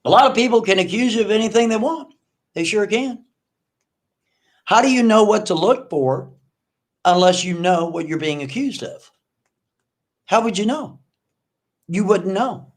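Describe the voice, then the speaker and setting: A man's voice: sits high, lively intonation, unhurried, pauses often. A man hosting an online video, ranting at an absent rival in an accusing, mocking way and repeating himself often. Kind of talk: confrontational livestream rant.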